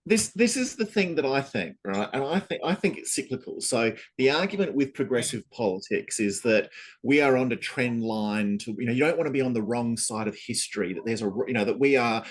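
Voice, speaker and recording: A man's voice: medium pitch, lively intonation, fairly quick. A man talking politics in a loose, rambling podcast chat, full of restarts and fillers.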